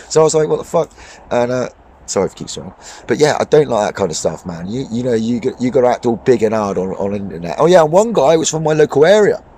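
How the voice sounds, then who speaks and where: Man, vlogger and coach, quick-fire sweary rant by a lake, faint ambience. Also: lowish voice, darkish tone, a little hiss or hum. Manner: blunt, swearing, heated with laughs. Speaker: fishing vlogger and boxing coach. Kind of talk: ranting vlog monologue. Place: outdoors by a lake.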